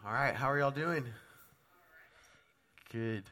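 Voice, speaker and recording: Over loud music, a sick male pastor speaks slowly at a medium pitch, his voice sounding off from a cough that won't go away. His sermon has a conversational feel, and he asks the congregation questions directly.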